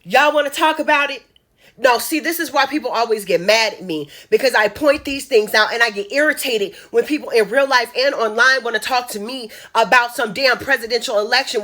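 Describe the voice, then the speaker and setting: A woman's voice: fairly high pitch, sharp tone. A woman from Chicago giving an impassioned, emphatic monologue straight to her audience, hammering her points with repetition. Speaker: social media commentator.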